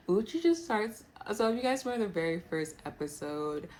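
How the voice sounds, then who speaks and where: A woman recapping a reality show in a casual, animated, playful way. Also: medium pitch, moderate pace, slight background noise. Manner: animated, playful, quotes others in put-on voices.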